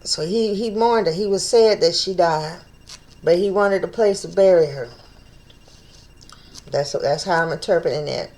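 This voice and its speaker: A woman's voice: fairly low pitch, a little slow, pauses often, a little mellow. A woman leading an informal Bible study, reading scripture aloud and stopping to think aloud about it, stumbling over old names and repeating phrases as she works things out.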